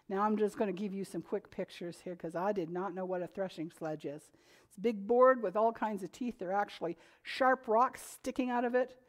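A woman's voice: medium pitch, normal speed. A woman preaching a sermon to her congregation, earnest and growing emphatic when she reads scripture aloud. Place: church.

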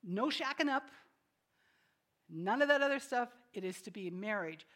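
A woman preaching a sermon in a conversational way, asking the congregation questions and adding quiet, joking asides between emphatic statements. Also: on the high side, animated, moderate pace. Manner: swings from emphatic declarations to soft, quiet asides.

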